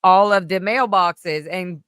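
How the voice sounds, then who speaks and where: Storyteller woman from California, chatty and rambling, smooth voice, dry sound. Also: lowish voice, takes it slowly, dry recording. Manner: rambling, animated, full of fillers, acts out voices. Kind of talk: casual chat, storytelling.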